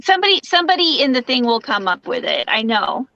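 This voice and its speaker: A woman hosting a live crochet show, chatting casually, going off on quick asides and reading viewer comments aloud. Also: a little high, sing-song, vocal fry, bright, forceful tone, dry recording, highs cut off. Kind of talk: casual chat on a live video call.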